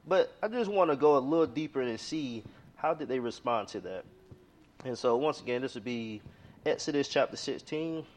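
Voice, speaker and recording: A man preaching a sermon in a conversational way, telling a story and reading scripture aloud. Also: mid-range voice.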